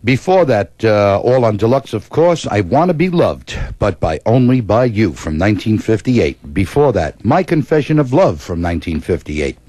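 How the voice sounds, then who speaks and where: A man's voice: on the low side, sing-song, moderate pace, few pauses, warm tone, no echo. A man co-hosting an oldies radio show, chatting casually and sending personal dedications to listeners.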